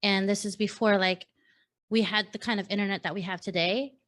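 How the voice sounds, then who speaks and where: A woman in her thirties from San Diego hosting a casual panel chat, telling stories in a chatty, animated way. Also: mid-range voice, fairly quick. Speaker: host.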